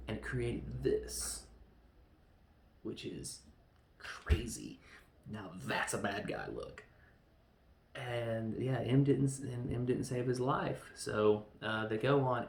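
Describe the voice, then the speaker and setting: A man hosting a podcast, casually recapping a film and acting out quick bits of dialogue as he goes. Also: fairly low pitch, gravelly, reverberant, a little hiss or hum. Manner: animated retelling with quick acted-out quotes. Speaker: podcast host reviewing films.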